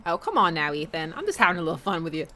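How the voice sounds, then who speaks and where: A woman's voice: deep voice, very animated, very fast, pushed and bright, slight background noise, heavily acted. A woman voicing a burly, easygoing male dad, a competitive contractor, in a put-on fake Southern accent with a teasing, folksy drawl.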